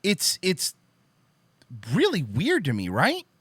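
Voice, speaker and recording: A man's voice: sits high, wildly swooping pitch, slow, a bit bright, husky, dry recording. A young man hosting a podcast, ranting in a casual opinion monologue, profane and emphatic. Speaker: podcast host.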